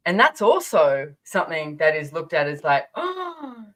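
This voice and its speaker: Frank, low-voiced woman in her fifties. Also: animated, normal speed. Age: 50s. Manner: frank and candid, swears casually, many restarts. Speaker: podcast guest. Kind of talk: casual conversational interview.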